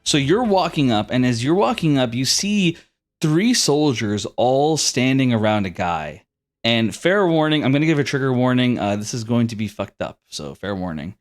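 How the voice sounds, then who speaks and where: A man's voice: medium pitch, very animated, moderate pace. A man narrating a tabletop game as game master, with easygoing, descriptive storytelling.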